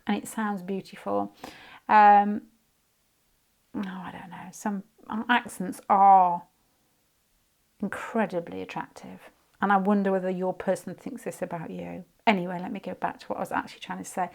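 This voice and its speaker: A woman in her fifties with a British accent, giving a casual, rambling tarot reading to camera, with side stories and quiet muttered asides. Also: mid-range voice, steady tone, normal speed, vocal fry. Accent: British English. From United Kingdom. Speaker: tarot reader.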